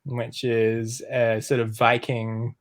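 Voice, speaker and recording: A man hosting a relaxed podcast chat. His speech is loose and rambling, full of small fillers, and he keeps nudging the group on to the next topic. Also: mid-range voice, slow, no echo. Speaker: podcast host. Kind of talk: casual chat.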